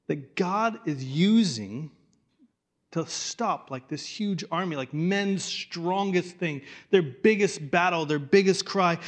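A man in his thirties preaching an earnest, emotional sermon, with stumbling restarts and a voice that grows tender. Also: on the high side. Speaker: pastor.

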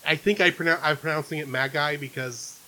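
A man co-hosting a casual review chat, talking in a wry, animated way. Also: fairly high pitch, fairly quick. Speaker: podcast co-host.

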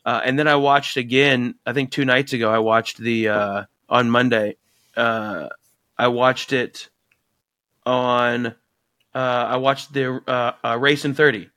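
Man, podcast co-host, casual chat, excitable and swearing a lot, bright tense tone, dry close sound. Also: medium pitch, measured pace, no room sound. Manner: excitable, profane, rambling with many fillers.

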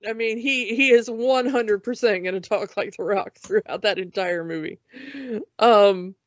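Slow-talking chatty woman. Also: mid-range voice, steady tone. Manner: chatty, laughs often, acts out quotes in silly voices. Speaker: podcast co-host. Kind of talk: casual movie review chat. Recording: dull lo-fi dry sound.

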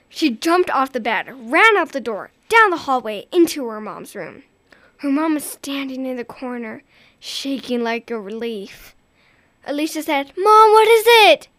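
A woman telling a children's story aloud in a lively, expressive way. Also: high-pitched, a little slow, no room sound.

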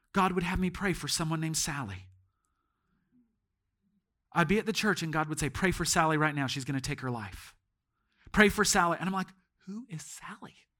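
Preaching in his church, a pastor tells stories while his fairly high voice moves between near-whispers and shouting. It is a man delivering a sermon.

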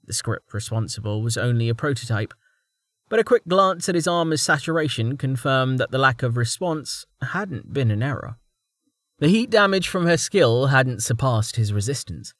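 Expressive man reading a fantasy audiobook. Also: medium pitch, moderate pace, no room sound. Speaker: audiobook narrator. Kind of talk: scripted fantasy narration.

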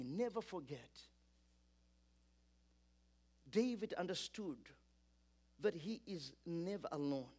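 A man's voice: high voice, lively intonation, slow, long pauses, warm tone. A man preaching a sermon, emphatic, building through repeated lines and calling on the congregation to repeat after him.

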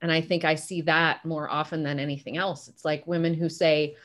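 A woman's voice: sits low, moderate pace. A middle-aged woman, a business coach, speaking with emphatic energy as a podcast interview guest. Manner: energetic, emphatic, acts out quotes.

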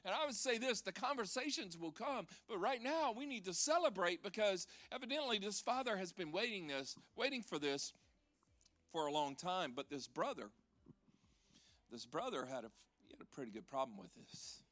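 A high-pitched man preaching to his congregation with lively swings between loud proclaiming and quiet, intimate moments. His tone is bright and forceful, and he throws in joking asides. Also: normal speed. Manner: animated, swings from loud to hushed. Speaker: pastor. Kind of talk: sermon.

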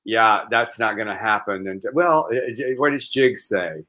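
A man co-hosting a casual comedic talk show, telling stories in a rambling, halting way with frequent laughter. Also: lowish voice, bright, forceful tone. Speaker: co-host.

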